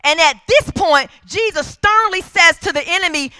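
A woman's voice: very high-pitched, lively intonation, normal speed, bright, forceful tone, no echo. A woman preaching a sermon in a church, driving her points with repeated calls for agreement from the congregation. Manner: emphatic call-and-response preaching.

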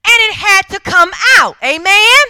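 A woman's voice: very high-pitched, lively intonation, normal speed, pushed and bright, no echo. A woman preaching a sermon in a church, driving her points with repeated calls for agreement from the congregation. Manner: emphatic call-and-response preaching.

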